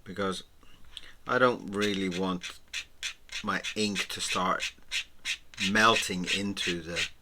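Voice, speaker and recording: A man teaching drawing in a relaxed, playful way, encouraging the listener and often dropping to a whisper. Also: sits low, slow, long pauses, background noise. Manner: soft-spoken, often drops to a whisper. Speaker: art teacher.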